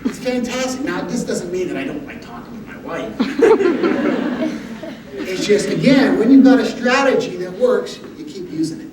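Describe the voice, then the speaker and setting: A man giving a motivational talk, telling humorous personal stories with an animated, self-deprecating delivery. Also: high voice, moderate pace. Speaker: motivational speaker. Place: university lecture hall. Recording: echoey hall audio from far off with background noise.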